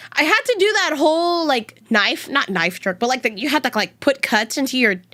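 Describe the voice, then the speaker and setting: Bright-voiced young woman streamer rambling. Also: fairly high pitch, no echo. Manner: rambling, chatty, swears freely. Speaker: VTuber streamer. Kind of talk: casual stream chat.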